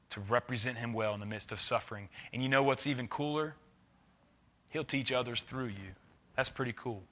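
A man, a youth pastor preaching a sermon earnestly, swinging between loud urging and quiet intensity. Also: mid-range voice.

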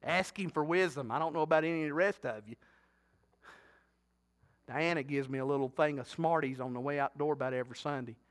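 A man's voice: a little high, brisk. A middle-aged man preaching a sermon in a folksy, talkative way, often asking the congregation questions. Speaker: pastor.

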